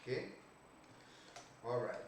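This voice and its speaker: A man giving a casual 3D art tutorial, thinking aloud slowly with many "okay"s and trailing phrases. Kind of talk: casual screen-recorded tutorial. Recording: echoey room, distant mic, faint hiss.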